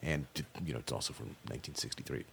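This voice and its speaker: A man's voice: rumbling low, fast, creaky, a bit bright, slightly rough. A middle-aged man hosting a radio show, talking in a dry, wordy way full of wry humor and bad puns. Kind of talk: scripted comic radio monologue.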